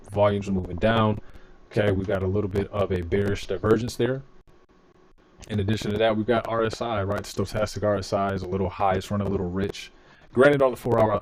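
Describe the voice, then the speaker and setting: Male crypto streamer, low voice, easygoing and chatty, home desk mic, slight background noise. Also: a little mellow. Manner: laid-back, chatty, laughs easily, talks to chat. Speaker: crypto market live streamer. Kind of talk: casual live-stream market analysis. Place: home room with computer fans and laundry nearby. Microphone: desk microphone.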